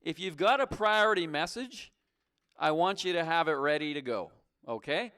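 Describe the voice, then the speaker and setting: Man, call-in host, fairly high voice, smooth and clear, teasing, casual banter. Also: expressive, normal speed, sharp tone. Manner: teasing, mock-suspicious.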